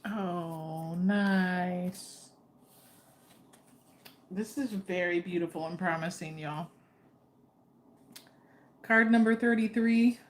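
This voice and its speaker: A woman's voice: fairly low pitch, a little slow, long pauses, slight background noise. A woman giving a casual, chatty tarot reading, often breaking off to coax her dog over. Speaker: tarot reader.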